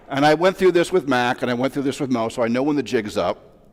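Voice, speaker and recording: A man in his forties, a rabbi, giving a sermon as a relaxed, self-deprecating story full of asides. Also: medium pitch, fast. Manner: chatty, self-deprecating, with many fillers and asides. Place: large synagogue sanctuary. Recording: long reverb of a large hall.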